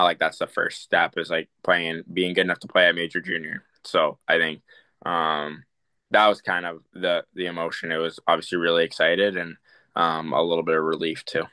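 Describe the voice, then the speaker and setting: A man's voice: sits low, flat delivery, moderate pace, sharp tone, no echo. A young man, a hockey prospect, answering interview questions casually, with many fillers and restarts. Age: young adult.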